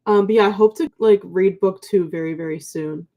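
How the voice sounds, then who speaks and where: A woman's voice: mid-range voice, a little fast, dark tone. A young woman co-hosting a book livestream, chatting casually in a sleepy morning voice and reading out viewer comments with many ums and likes.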